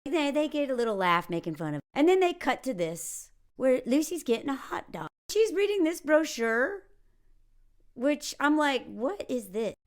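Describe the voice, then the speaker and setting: Woman doing a snarky movie review, voice bouncing all over, kinda high, keeps mocking stuff in silly put-on voices. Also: big pitch swings, moderate pace. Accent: Southern American put on for jokes. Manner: sarcastic, mocking, jumps into exaggerated character voices. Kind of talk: casual comedic movie review.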